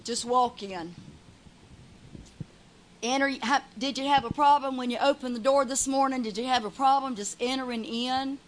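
Woman, high-pitched, fervent preacher, shouting, praying with "God, Lord" interjections. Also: steady tone, a little fast, hardly any pauses, a little hiss or hum. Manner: fervent, shouting, punctuated with hallelujahs. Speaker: lay preacher. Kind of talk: Pentecostal-style sermon and prayer.

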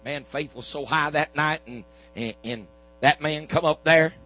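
A man's voice: a little high, measured pace, bright, forceful tone, low-quality recording. A man preaching a sermon, telling a healing story in a folksy back-and-forth of "I said, he said". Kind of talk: sermon testimony.

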